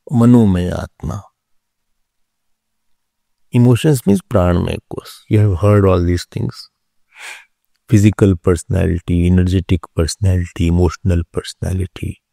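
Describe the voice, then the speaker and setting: Gravelly man lecturing slowly. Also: low voice, warm tone, no echo, studio quality. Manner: slow, explanatory, repeats key terms, asks if clear. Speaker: spiritual teacher. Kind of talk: philosophy class lecture.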